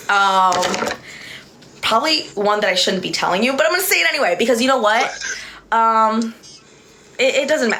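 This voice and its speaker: Bright-voiced chatty woman rambling on a livestream. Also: mid-range voice, slight background noise. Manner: rambling, chatty, easily distracted; laughs often while talking. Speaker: livestream host. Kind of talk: casual livestream chat and storytelling.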